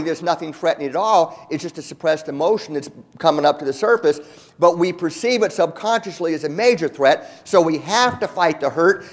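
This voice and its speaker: A man giving a motivational keynote talk to a large audience, earnest and emphatic, repeating words and slowing down for key points. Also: high voice. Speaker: keynote speaker. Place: large conference hall.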